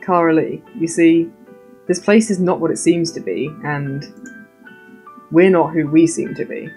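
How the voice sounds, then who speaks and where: A man's voice: a little high, measured pace, mellow, soft background music. A woman reading the lines of a serious, secretive young man in a story game, earnest and hesitant. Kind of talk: reading game dialogue aloud.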